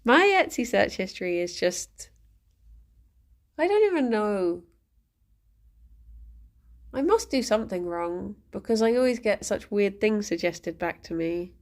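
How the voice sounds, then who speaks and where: Slow, gravelly woman streamer. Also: medium pitch, animated. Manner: rambling and chatty, often laughing, coos at her pet. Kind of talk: casual chat to a live stream. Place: home.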